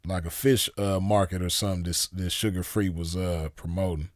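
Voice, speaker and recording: Speaking at a normal speed with fairly even intonation, a man in his forties uses a low voice to host a show. He's laid-back and laughs easily while telling viewers rambling, slangy stories in casual chat. The audio is studio quality, with no echo.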